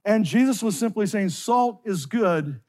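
A pastor preaching a sermon to his congregation, slowing down and stressing key phrases with passion. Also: high voice, expressive, a little mellow.

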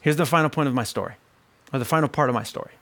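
A male pastor in his forties preaching a sermon, telling a personal story and moving between quiet, reflective passages and emphatic, rising exclamations. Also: mid-range voice, very fast.

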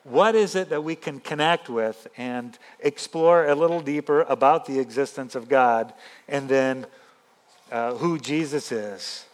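A man pastor giving a sermon in an animated, emphatic, conversational way. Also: mid-range voice, unhurried.

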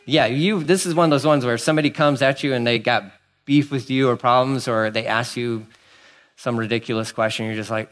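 A married man preaching a conversational sermon, swinging between hushed asides and emphatic, incredulous exclamations. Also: medium pitch, fairly quick. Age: adult, married. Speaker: pastor.

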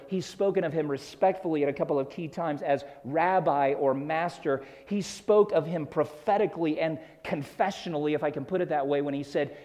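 A man's voice: fairly high pitch, darkish tone. A man from the American South preaching an expository sermon, earnest and explanatory, rising to emphatic peaks. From Southern United States. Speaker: pastor. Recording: long hall reverb.

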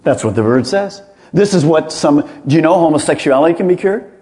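Lively man preaching a sermon. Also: a little high, a little fast. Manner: emphatic preaching with rhetorical questions. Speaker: pastor.

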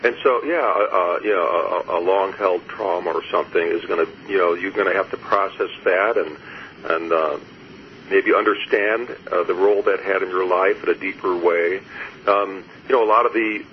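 A low-voiced man speaks as an interview guest, reflective and unhurried in his storytelling, breaking into soft laughs between thoughts. The audio is muffled and lo-fi, with a faint hiss behind him. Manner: reflective, storytelling, laughs softly, many fillers. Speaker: guest, therapist. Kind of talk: conversational interview.

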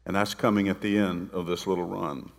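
Gravelly preacher in a reverberant hall. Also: male voice, low-pitched, flat delivery, a little fast. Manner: conversational preaching, dramatic retelling with playful asides. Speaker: pastor. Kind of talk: sermon. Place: church sanctuary. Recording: long reverb of a large hall.

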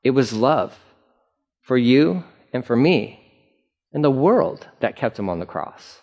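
A male pastor teaching verse by verse, casual and animated, often acting out the mocking voices in the text. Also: mid-range voice, takes it slowly. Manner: animated, acts out mocking voices, conversational asides. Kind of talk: verse-by-verse sermon.

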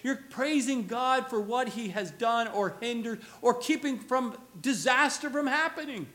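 A man with a high voice preaches a sermon as a pastor. He tells stories in an animated way and chuckles now and then. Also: unhurried.

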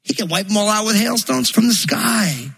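A pastor from New Jersey preaching a sermon, telling a story in a loose, chatty way full of fillers. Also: male voice, high voice, animated, normal speed, gravelly, a bit bright, slightly rough, rough recording.

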